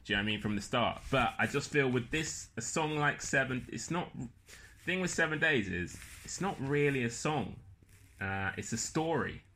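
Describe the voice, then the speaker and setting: A man's voice: medium pitch, animated, normal speed, pushed and bright, slight background noise. A man chatting as a comedy podcast guest, rambling and self-deprecating, with lots of fillers. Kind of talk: casual comedic chat.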